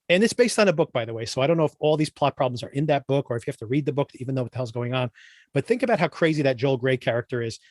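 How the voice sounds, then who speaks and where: A man's voice: fairly high pitch, no echo. A man hosting a podcast, giving a casual, sarcastic review of a TV show with exasperated asides and bursts of laughter. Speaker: podcast host.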